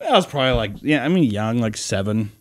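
A young man on a podcast, telling a long story in a rambling, animated way, full of fillers and laughing as he acts out the other people in it. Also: mid-range voice, fast, crowd noise. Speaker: podcast co-host. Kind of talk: casual storytelling chat.

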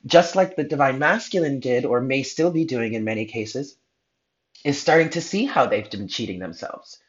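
A man's voice: mid-range voice, muffled recording. A man giving a spiritual tarot reading in an earnest, heartfelt way, sometimes blunt. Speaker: tarot reader.

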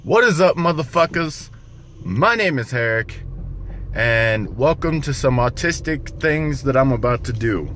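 A man's voice: medium pitch, lively intonation, measured pace, fairly bright tone, a little hiss or hum. A young man vlogging casually from his car, swearing, joking and ranting. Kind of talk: casual vlog talk. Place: car while driving.

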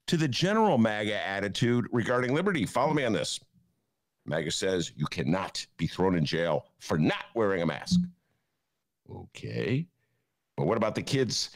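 Male podcast host, lively swooping delivery, sarcastic political ranting. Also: mid-range voice. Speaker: podcast host and newspaper columnist. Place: home attic.

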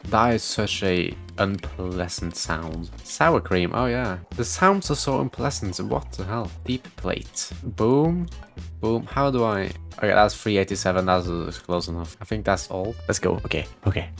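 A man with a fairly low voice gives running commentary while playing a game. He reads on-screen text aloud, swears freely and jumps between muttering and loud outbursts. Faint music sits underneath. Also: moderate pace, vocal fry, few pauses. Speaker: gaming video creator. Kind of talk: gameplay commentary.

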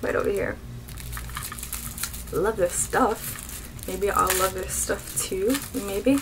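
A young woman vlogging as she unboxes beauty products, gushing and excitable. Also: mid-range voice, takes it slowly, noisy background. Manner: gushing, excitable, keeps saying oh my god. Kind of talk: unboxing vlog.

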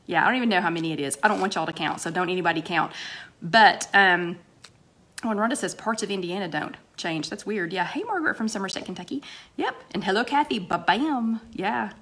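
A woman hosting a casual live-stream chat in a medium-pitched voice. She is chatty and upbeat, greeting her viewers by name one after another. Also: a little fast, fairly bright tone, slight background noise.

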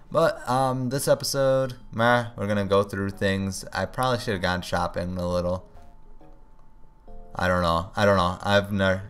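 A man's voice: sits low, a bit bright. A man hosting a let's play, giving casual commentary as he plays and often groaning and pleading at the game.

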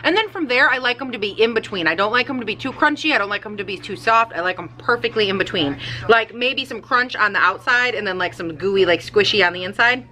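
Bright-voiced woman vlogger, rambling and cursing. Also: mid-range voice, quick pace, low-quality recording. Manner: rambling, swears a lot, heavy use of "like". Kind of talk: casual chat.

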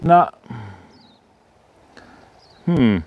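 A man's voice: on the high side, expressive, extremely slow, phone-quality sound. A man hosting a casual outdoor livestream at a wildlife park, coaxing the animals in a sing-song voice.

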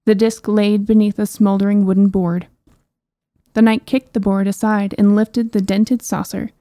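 A woman narrating an audiobook fantasy story in an even storybook delivery with wry asides. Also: medium pitch, no room sound, studio quality. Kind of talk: scripted narration.

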